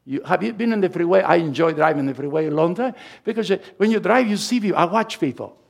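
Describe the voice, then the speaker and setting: Man, pastor, sermon, high voice, gravelly, animated preaching. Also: quick pace. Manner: animated preaching, swinging from quiet asides to loud emphatic lines.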